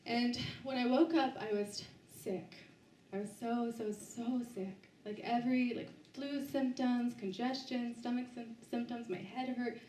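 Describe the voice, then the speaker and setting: Woman, author talk, halting personal story, echoey room, distant mic, faint background ambience. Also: on the high side, fairly even intonation, darkish tone, a little hiss or hum. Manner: halting, with frequent restarts and fillers. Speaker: author giving a book talk. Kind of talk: personal story told to a live audience. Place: bookstore event space, indoors.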